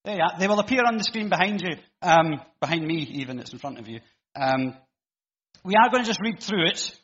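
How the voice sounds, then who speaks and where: Male preacher, easygoing and jokey between scripture readings, slightly husky, echoing hall. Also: fairly high pitch, lively intonation, brisk, a bit bright. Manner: chatty and joking between readings. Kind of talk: sermon with Bible reading. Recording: muffled with long hall echo.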